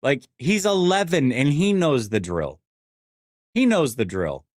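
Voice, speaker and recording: A man in his forties hosting a live sports stream, venting his frustration and answering chat in an animated, exasperated way. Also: medium pitch, a little slow, no room sound, clean studio sound. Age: 40s. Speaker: sports show host.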